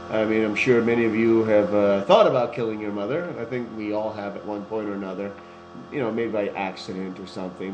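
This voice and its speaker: A man's voice: mid-range voice, a little mellow. A man hosting his own podcast, talking in a blunt, rambling, casual monologue and swearing freely. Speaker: podcast host. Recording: echoey room with faint hum.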